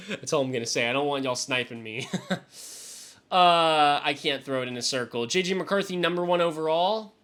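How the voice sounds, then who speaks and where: A man's voice: a little high, normal speed, pauses often, a bit bright. A young man streaming live, chatting casually and swearing loosely as he reacts to his chat. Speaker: fantasy football streamer.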